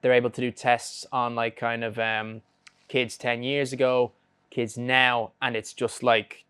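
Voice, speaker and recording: A man's voice: mid-range voice, flat delivery, a little slow, sharp tone, clean tone. A man, chatting casually as a podcast guest, rambling with fillers and swearing freely. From Ireland. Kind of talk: casual chat.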